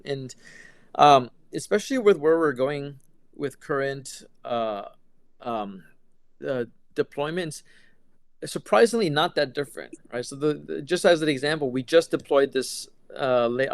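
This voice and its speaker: Man, middle-aged, smooth resonant voice, dry recording; casual halting answers full of fillers. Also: medium pitch, no echo. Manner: hesitant, many fillers and restarts. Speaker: quantum computing engineer.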